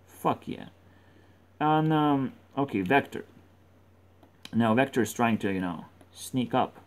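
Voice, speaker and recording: A man's voice: medium pitch, sing-song, a little slow. A man rambling through gameplay commentary, swearing constantly and joking as he goes. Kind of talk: rambling let's-play commentary.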